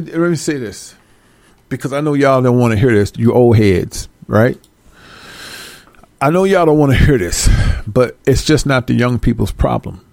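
A male preacher who talks straight at his listeners in a blunt, profane and scolding way. His pitch sits mid-range and the sound is close and dry. He leans on repeated words for emphasis. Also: creaky, a little mellow, no room sound. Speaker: religious teacher. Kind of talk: street-style preaching with scripture reading.

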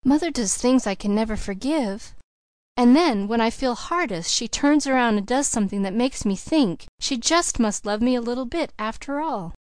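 A woman's voice: a little high, animated, moderate pace, clean tone, no room sound, voice pushed up, natural voice. Heartfelt young graduate, earnest and wondering, read by a woman.

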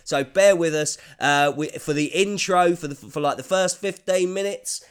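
A man's voice: fairly high pitch, moderate pace, far from the mic. Chatty man hosting a podcast, echoey. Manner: chatty, sweary, jokey. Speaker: podcast host. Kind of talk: casual podcast chat.

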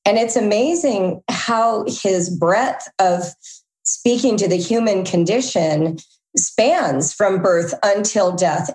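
A woman in her fifties hosting an interview, enthusiastic and warm-hearted. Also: mid-range voice, roomy sound. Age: 50s. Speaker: host. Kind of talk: conversational interview.

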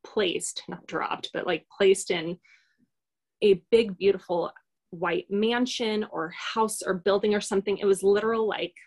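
A woman's voice: medium pitch, steady tone, a little slow, a little mellow, slightly rough. A woman guest telling a personal story in a casual, rambling, hesitant way, full of fillers.

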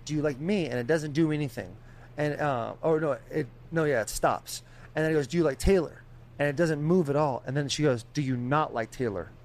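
A young man in casual group chat, telling a story with animated delivery, imitating beeps and other people's voices, and swearing freely. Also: on the high side, brisk. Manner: animated storytelling, mimics beeping and quoted voices.

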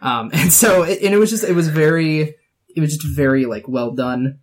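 A man's voice: on the high side, moderate pace. A man in casual chat, retelling a tabletop game session with many fillers. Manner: lots of filler likes, storytelling. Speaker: tabletop role-playing player.

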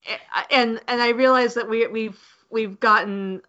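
A woman's voice: a little high, steady tone, measured pace, pushed and bright. A woman co-hosting a podcast, chatting about a film with many false starts and restarts. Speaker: podcast co-host. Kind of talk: casual film review chat. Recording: dull lo-fi podcast audio.

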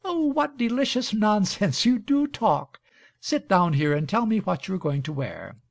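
A man's voice: sits high, big pitch swings, a little slow, gravelly, dry recording, studio quality, pitched above the performer's own voice, heavily acted. A man reading aloud and voicing an eager, affectionate young woman who talks in a breathless, coaxing, playful way. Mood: delighted.

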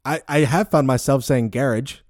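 A man hosting a relaxed podcast, his voice at a middle pitch and recorded close and dry. He talks loosely, laughs often and stumbles over long science words. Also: normal speed, no room sound. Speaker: podcast host. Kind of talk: casual podcast chat.

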